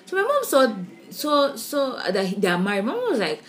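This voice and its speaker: A woman's voice: medium pitch, very animated, quick pace, few pauses. A woman with a Nigerian accent, co-hosting a podcast in casual discussion. She talks animatedly, often restarting her sentences and checking in with "do you understand?". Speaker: podcast co-host.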